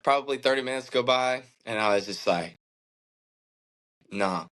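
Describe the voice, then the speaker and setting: A man's voice: medium pitch, quick pace, fairly bright tone, clear, resonant tone, poor audio. A man in his thirties, a professional athlete as interview guest, telling his story earnestly and reflectively, with many fillers like "like" and "man". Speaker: professional baseball pitcher, guest.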